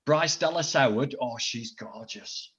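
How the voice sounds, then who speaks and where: A man's voice: mid-range voice, measured pace, muffled recording. A middle-aged man with a Northern English accent, chatting as a podcast guest and telling blunt, sweary stories. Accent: Northern English, Greater Manchester. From Northern England. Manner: blunt, sweary, animated anecdotes. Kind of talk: casual chat, storytelling.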